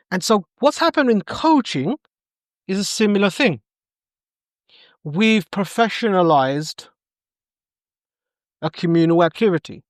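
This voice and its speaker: A man's voice: sits high, measured pace, pauses often, no echo, clean studio sound. A middle-aged man, a coach telling stories as a podcast guest and acting out the dialogue in them. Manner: animated storyteller acting out quoted dialogue. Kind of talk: conversational interview storytelling.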